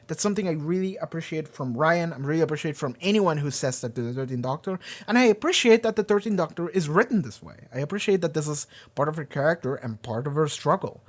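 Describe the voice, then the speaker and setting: A man hosting his own channel, talking casually with rambling, animated delivery and casual swearing. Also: on the high side, fast. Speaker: reaction channel host. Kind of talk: casual discussion.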